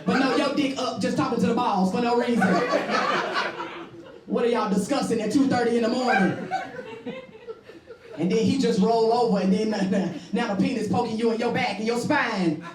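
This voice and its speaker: A woman doing a bawdy stand-up comedy set on stage, with loud punchlines. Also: fairly high pitch, moderate pace, pauses often. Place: stage before a live audience. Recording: roomy, distant mic with crowd laughter. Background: audience laughing.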